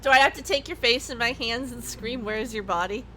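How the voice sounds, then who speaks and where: A woman's voice: sits high, steady tone, a little fast, a crowd in the background. A woman hosting a game stream, chatting and teasing her friends playfully and laughing often. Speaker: stream host. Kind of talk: casual chat. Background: background music.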